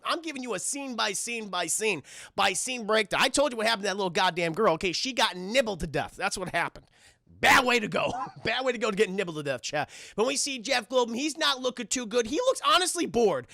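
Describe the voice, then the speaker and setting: A man giving a casual, animated, profanity-heavy spoiler review of a film and talking straight to his stream chat. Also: high-pitched, quick pace, creaky, no room sound, clean studio sound.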